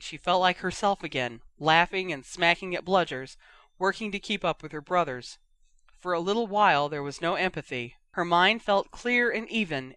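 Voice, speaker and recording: Brief: bright, smooth-toned fan fiction reader, dry close mic, lively character voices. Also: mid-range voice, no room sound. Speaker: audiobook reader. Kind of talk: fan fiction read aloud.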